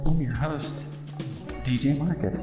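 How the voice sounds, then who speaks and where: Slow booming radio DJ , as a man puts him on. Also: close to an everyday voice. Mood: announcing. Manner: slow, drawn-out announcer delivery. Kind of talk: show intro over music. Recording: music bed behind voice.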